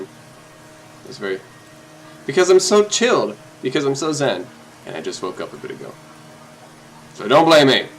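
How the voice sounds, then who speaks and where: A man giving casual, jokey commentary while playing a game, often gushing in a high voice. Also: slight background noise, low-quality recording. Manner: excitable and jokey, jumps to high-pitched gushing. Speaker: let's play host.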